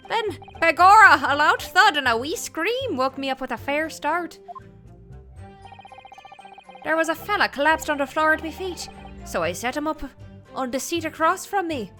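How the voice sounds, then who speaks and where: A woman's voice: high-pitched, animated, moderate pace, pushed and bright, faint music behind, voice pushed up. A woman voicing a jovial older Irish man telling a story, with a put-on Irish accent. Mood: storytelling. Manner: folksy, spins a yarn. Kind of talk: voicing game dialogue aloud.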